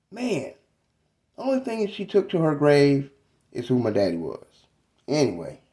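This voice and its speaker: A man in his thirties telling a personal story about his mother in a reflective, halting, casual way. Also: sits high, warm tone. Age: 30s.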